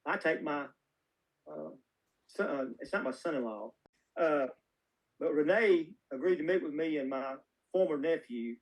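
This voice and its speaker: A man's voice: fairly high pitch, lively intonation, measured pace, rough recording. Folksy man telling rambling stories. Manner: folksy, rambling anecdotes with many restarts. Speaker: filmmaker guest. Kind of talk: casual interview storytelling.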